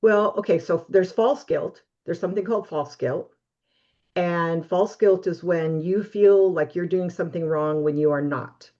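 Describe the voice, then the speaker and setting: A woman guest giving steady, practical advice in a webinar interview over a video call. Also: fairly low pitch, a little slow, highs cut off. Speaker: guest expert on relationships.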